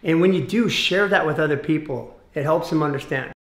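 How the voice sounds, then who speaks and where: Guy coaching a stretch class step by step, a bit high voice, echoey room. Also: brisk. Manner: calm step-by-step cueing, explains as he goes. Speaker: fascia exercise instructor. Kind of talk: guided exercise class.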